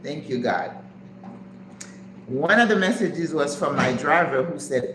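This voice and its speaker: An older woman hosting a live stream, telling a story in an animated way and acting out the voices of people in it. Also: unhurried, pauses often. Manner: animated, acts out voices with big pitch jumps. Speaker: channel host. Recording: echoey room with background noise.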